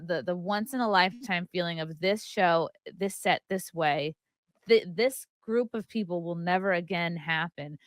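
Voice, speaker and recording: A woman with a fairly low voice hosts a casual podcast. She talks candidly, reading quotes aloud and then riffing. The sound is dry with no room echo. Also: fairly bright tone. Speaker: podcast host.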